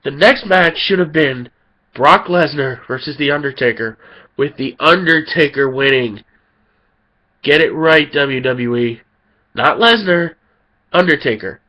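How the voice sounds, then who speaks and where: A man's voice: fairly high pitch, unhurried, bright, forceful tone, rough recording. A man ranting angrily about wrestling, sounding tired and a little sick. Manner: heated, indignant ranting. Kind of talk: angry opinion rant.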